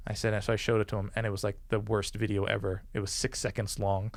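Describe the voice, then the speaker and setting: A former police officer, a man, telling a story as a podcast guest, animated and swearing freely as he acts out the people he quotes. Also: on the low side, quick pace, vocal fry, dry recording. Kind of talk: casual storytelling.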